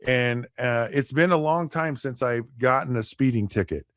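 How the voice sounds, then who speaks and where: Casual storytelling from a middle-aged podcast host, once an NFL quarterback, who rambles, restarts plenty, and performs other people's lines. His voice is mid-range at a normal speed, captured in studio quality with no room sound.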